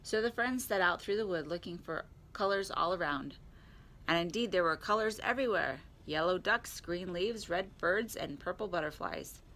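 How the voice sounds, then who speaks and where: A woman at a library storytime, reading a picture book aloud in a clear, expressive way. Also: fairly low pitch, normal speed, a little hiss or hum.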